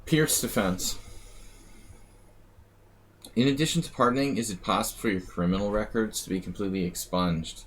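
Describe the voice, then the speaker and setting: A man's voice: on the low side, normal speed, long pauses. A man streaming chess games live, answering chat questions in a dry, offhand way between moves. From United States.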